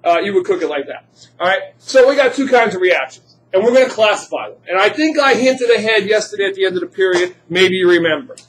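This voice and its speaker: A man's voice: high-pitched, animated, fast, a little hiss or hum. A man teaching a chemistry class, quizzing students and joking in asides. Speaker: high school chemistry teacher. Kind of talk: classroom lecture.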